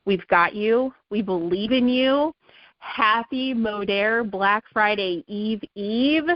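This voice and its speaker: A woman's voice: medium pitch, slow, dry recording, lo-fi sound. A woman leading a sales team call, giving an emphatic motivational talk that keeps coming back to okay and right. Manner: emphatic, repetitive, pep-talk, says okay and right a lot.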